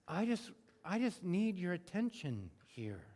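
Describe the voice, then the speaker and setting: A man preaching a sermon in a conversational way, acting out prayers in everyday words and moving between emphatic bursts and hushed moments. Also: fairly high pitch, big pitch swings, normal speed. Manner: conversational, swings from loud emphatic to soft and hushed. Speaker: pastor.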